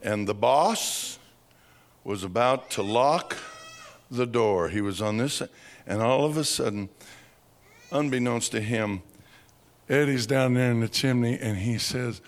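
A man preaching by telling a dramatic story, slow and vivid, acting out sounds and voices. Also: mid-range voice. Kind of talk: storytelling sermon.

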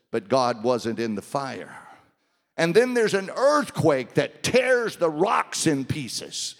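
Guy preaching slow and dramatic, goes loud then real hushed, big hall echo. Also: mid-range voice, creaky. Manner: dramatic, swings between loud and hushed delivery. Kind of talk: sermon. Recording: long hall reverb.

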